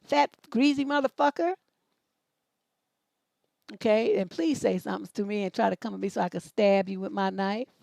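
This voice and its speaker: A woman's voice: medium pitch, moderate pace, gravelly, pauses often, darkish tone, no echo. A middle-aged woman hosting a livestream advice show, reading viewer questions aloud and answering in a blunt, profane, mocking way.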